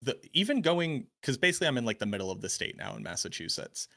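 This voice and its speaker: A young man with a mild Boston accent hosts a casual stream chat, his pitch swinging widely as he talks. His tone is bright and forward. He tells stories with plenty of swearing. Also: fast talker. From Boston area, USA. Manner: animated storyteller, swears, acts out voices. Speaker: streamer host.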